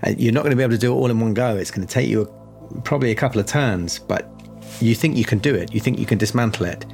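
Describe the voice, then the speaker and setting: A man running a tabletop horror game as game master, narrating with many pauses and restarts. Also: medium pitch, creaky, a little mellow, soft background music. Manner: hesitant, many fillers and restarts.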